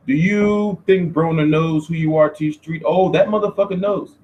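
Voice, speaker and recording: A man hosting a casual boxing Q&A stream, talking loosely and profanely, with loud, high-pitched outbursts when he tells a story. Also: steady tone, normal speed, hardly any pauses, slight background noise, low-quality recording. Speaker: boxing show host.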